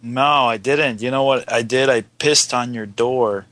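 A man's voice: mid-range voice, unhurried, a bit bright, no room sound. A man joining a prank call who talks in a teasing, jokey way.

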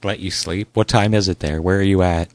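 A man's voice: low voice, steady tone, brisk, no echo. A man making a prank call who talks bluntly and mockingly, with a lot of profanity. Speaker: prank caller.

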